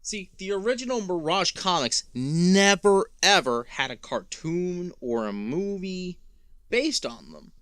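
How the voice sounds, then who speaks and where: A man co-hosting a casual review chat, animated and acting out voices as he talks. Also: high voice, unhurried, clean tone, no room sound. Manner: animated, acts out voices and quotes. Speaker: co-host.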